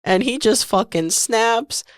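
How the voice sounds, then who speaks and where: A woman's voice: fairly high pitch, expressive, takes it slowly, dry recording, studio quality. A woman co-hosting a podcast, chatting about a film in a loose, profane, nostalgic way. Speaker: podcast co-host. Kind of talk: casual movie-review chat.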